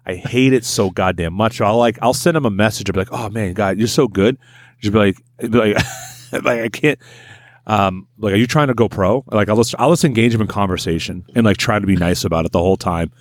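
A man's voice: fairly low pitch, fairly quick, dry recording, clean studio sound. A man co-hosting a casual podcast, ranting profanely and animatedly, with laughs. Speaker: podcast co-host. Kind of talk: casual chat.

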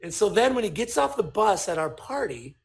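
A man, a podcast guest telling a story in casual chat, animated and swearing as he acts out what people said. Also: high voice, fairly quick, gravelly.

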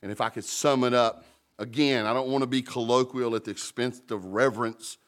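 A man preaching in a church, telling stories and paraphrasing scripture in a relaxed, conversational way. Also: mid-range voice, brisk. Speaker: pastor. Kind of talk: sermon.

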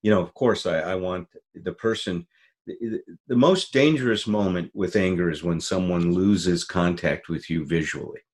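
A man co-hosting a casual conversation about therapy, animated and acting out quoted voices. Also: normal speed, breathy edge. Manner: animated, acts out quoted voices with big pitch jumps. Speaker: therapist podcast co-host.

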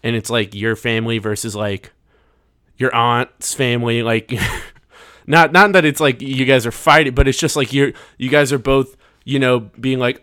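A man's voice: medium pitch, normal speed, fairly bright tone, clear, resonant tone, dry recording. A man hosting a solo podcast from his bedroom, talking in a rambling, jokey way with lots of restarts and asides, close to the microphone. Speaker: podcast host.

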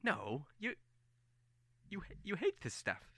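A man's voice: mid-range voice, normal speed, bright, forceful tone, clean tone, no room sound. A man voicing an overeager, deluded young man who rambles nervously about becoming king. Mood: frantic.

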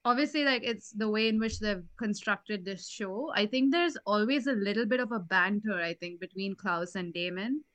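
A woman co-hosting a podcast, thinking out loud in casual chat with many "like" fillers. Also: medium pitch, normal speed, few pauses, no room sound. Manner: thoughtful, with many "like" and "you know" fillers. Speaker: podcast co-host.

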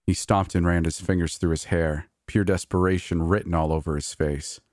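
A man narrating a horror story in a measured, steady reading. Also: low voice, no room sound, clean studio sound.

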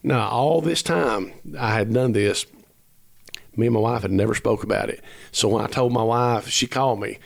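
A man's voice: on the low side, normal speed, gravelly, no room sound, clean studio sound. A man, telling a long personal story as a podcast guest, earnest and rambling, acting out the dialogue as he goes. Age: 50s. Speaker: musician guest.

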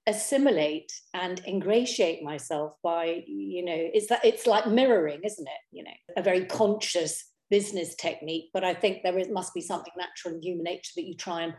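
A middle-aged woman talking as an interview guest, chatty and expressive, often restarting her sentences with fillers. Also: fairly low pitch, fairly quick, few pauses. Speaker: interview guest, impressionist and actor. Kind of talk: casual conversational interview. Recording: roomy echo.

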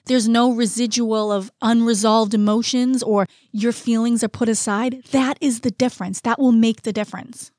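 A woman's voice: a little high, fairly even intonation, normal speed, few pauses, darkish tone, no echo. Woman, 30s, candid podcast co-host, dry close sound. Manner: candid, confiding, speaks straight to listeners. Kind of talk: casual chat about parenting.

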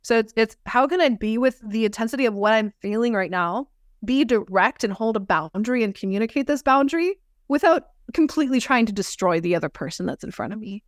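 A woman's voice: a little high, animated, a little fast, no echo, clean studio sound. Laughing, reflective woman guest. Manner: reflective, laughs often, many restarts. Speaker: somatic experiencing practitioner, guest. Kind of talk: casual podcast conversation.

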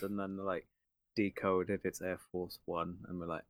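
A man co-hosting a casual film review podcast, animated and quick to laugh. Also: sits low, dry recording. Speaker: podcast co-host.

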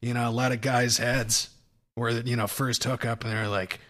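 A man co-hosts a podcast in casual chat, his medium-pitched voice fairly bright, barely moving in pitch, at a normal speed. He talks loosely, laughing and swearing, and keeps restarting his sentences.

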